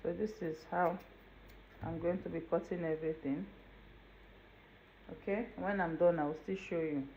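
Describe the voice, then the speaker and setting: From her home kitchen, a cooking channel host chats through each step and checks in with the viewer, leaving long pauses. Her lowish, darkish voice has fairly even intonation at a moderate pace, on dull lo-fi home video with faint room noise.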